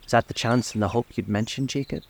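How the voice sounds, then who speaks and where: A nervous old miser pleading with a ghost, voiced by a man lifting his pitch. His words falter and wobble with fear. Faint outdoor birdsong sits under the voice. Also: animated, fairly quick, a little hiss or hum. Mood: fearful.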